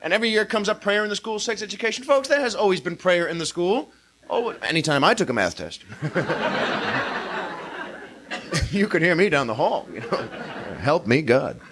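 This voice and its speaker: Animated man doing live stand-up. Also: sits high, normal speed, pauses often. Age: 30s. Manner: animated, exaggerated delivery with acted-out quotes. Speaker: stand-up comedian. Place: comedy club stage with audience. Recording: hissy early-1980s live club recording.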